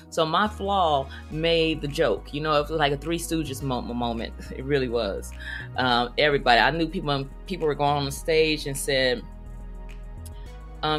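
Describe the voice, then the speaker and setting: A woman comedian telling funny stories in a casual monologue, animated and breaking into high squeaky voices when she quotes people. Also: moderate pace, soft background music. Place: Las Vegas.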